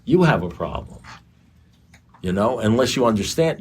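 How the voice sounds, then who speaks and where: Man, recovery meeting speaker, lowish voice, blunt and profane, rambling restarts, meeting room, faint background noise. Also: sing-song, moderate pace, long pauses, darkish tone. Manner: blunt and profane, talks straight to the audience.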